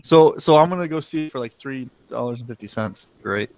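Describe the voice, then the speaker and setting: A man on a casual panel podcast who talks in a halting way, repeating himself and filling gaps with um. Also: medium pitch, lively intonation, a little mellow. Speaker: panel guest. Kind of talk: casual panel chat over an online call.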